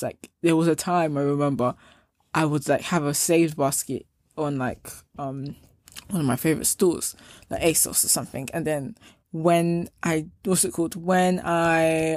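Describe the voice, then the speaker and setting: A woman's voice: deep voice, a little mellow, no echo, studio quality. A young woman hosting a casual solo podcast, chatty and self-mocking, often acting out her past self in quoted asides. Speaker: podcast host.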